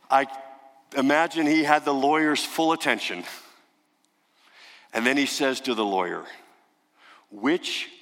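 A man preaching a sermon, telling a story emphatically and dropping to a hush for dramatic effect. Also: mid-range voice. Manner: dramatic, emphatic storytelling with sudden hushed drops. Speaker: pastor. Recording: long reverb of a large hall.

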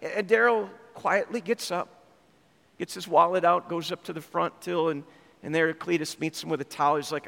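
A man preaching a sermon, telling an animated story and voicing its characters. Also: high-pitched, moderate pace, creaky, long reverb tail. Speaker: pastor.

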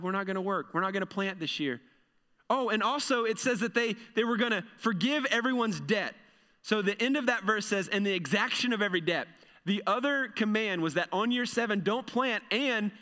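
A man's voice: a little high, a bit bright, clear, resonant tone. Earnest man preaching in a reverberant hall. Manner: earnest, repetitive, conversational preaching. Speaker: pastor. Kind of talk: sermon.

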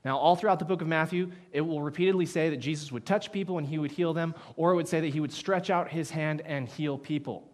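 A male preacher delivering a sermon with a somewhat high voice. He preaches dramatically, punching some phrases loudly and then dropping to hushed, low-pitched lines for effect. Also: fairly even intonation, fast, few pauses. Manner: dramatic, swings from loud emphatic bursts to hushed low phrases. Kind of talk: expository sermon.

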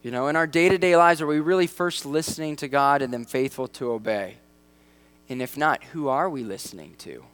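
A man preaching a sermon in a conversational way, with lively asides and acted-out voices. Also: mid-range voice, fairly quick, clear, resonant tone. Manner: conversational, acts out quoted voices. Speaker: pastor.

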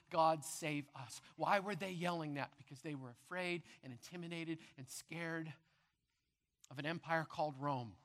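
A man preaching a sermon as pastor with impassioned delivery, rising to loud proclamations and dropping to hushed tones. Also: on the high side. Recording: long reverb of a large hall.

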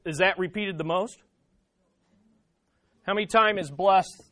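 High male pastor, emphatic sermon delivery, questions the congregation, dry close sound. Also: unhurried, a bit bright, dry recording.

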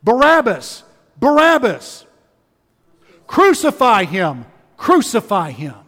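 A preacher shouting as an angry mob. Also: male voice, very high voice, wildly swooping pitch, slow, long reverb tail, voice pushed up, full character voice. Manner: chanting shouts. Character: angry shouting crowd of men.

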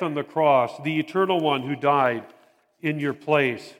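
A man delivering a sermon as a pastor, in a measured, emphatic manner, often repeating his phrases for weight. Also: a little high, big-room sound. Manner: measured, emphatic preaching with repetition.

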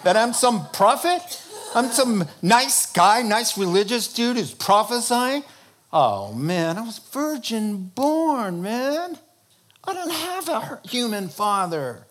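A preacher voicing Jesus as an exasperated teacher, asking rhetorical, incredulous questions. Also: male voice, very high-pitched, very animated, slow pace, a bit bright, pitched above the performer's own voice, full character voice.

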